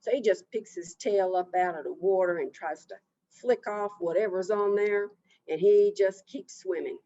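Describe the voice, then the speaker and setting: A woman telling an oral folk tale in an expressive, drawn-out way with repetition, on a dull lo-fi recording. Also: mid-range voice. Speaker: storyteller, Native education coordinator.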